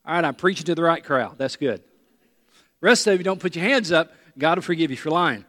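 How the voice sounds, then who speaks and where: A pastor preaching a sermon to a congregation, talking earnestly and repeating words for emphasis. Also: male voice, on the high side, expressive, fairly quick, a bit bright. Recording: long reverb of a large hall.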